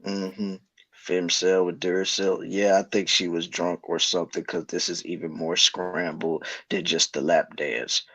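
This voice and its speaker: A man's voice: low voice, flat delivery, a little slow, fairly bright tone, no room sound. Blunt, mocking man co-hosting a podcast. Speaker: podcast co-host. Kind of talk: casual commentary chat.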